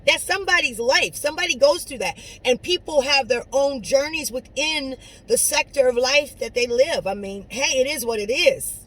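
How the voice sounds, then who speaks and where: A woman giving an inspirational talk straight to her viewers, preachy and conversational, swinging between soft asides and loud emphatic lines. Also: fairly high pitch, rough recording. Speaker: motivational speaker. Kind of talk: inspirational monologue to camera.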